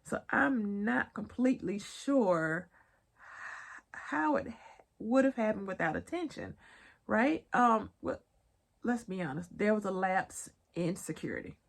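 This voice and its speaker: A woman's voice: mid-range voice, animated, measured pace, gravelly. A young adult woman with a Southern accent, chatting casually through a pop-culture news recap and talking straight to her viewers. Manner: chatty, laughing asides, addresses viewers as y'all. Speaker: vlogger.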